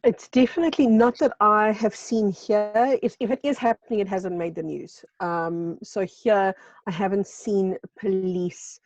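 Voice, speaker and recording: A woman's voice: mid-range voice, fairly even intonation, unhurried, no echo, muffled recording. A woman from South Africa talking on a video call, emphatic and repeating phrases for stress. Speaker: show co-host. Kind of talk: casual video-call chat. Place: home in a seaside village.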